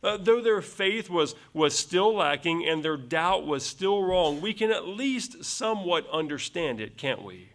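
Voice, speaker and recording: A man's voice: fairly high pitch, animated, a little slow, few pauses, fairly bright tone. A male pastor preaching a verse-by-verse sermon, earnest, repeating phrases for emphasis and closing points with rhetorical tag questions.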